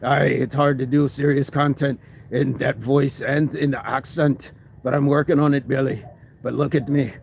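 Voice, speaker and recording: A man's voice: medium pitch, flat delivery, moderate pace, vocal fry, a little mellow, slight background noise, close to an everyday voice. A man putting on an exaggerated Irish accent, joking at his own expense. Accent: put-on Irish.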